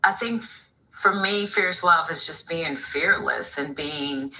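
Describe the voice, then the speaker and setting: Earnest middle-aged woman, interview guest on a remote link, bright sharp voice. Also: low-pitched, takes it slowly, low-quality recording. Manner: earnest, intense, thoughtful. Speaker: author and guest. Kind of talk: casual interview talk. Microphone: remote video link.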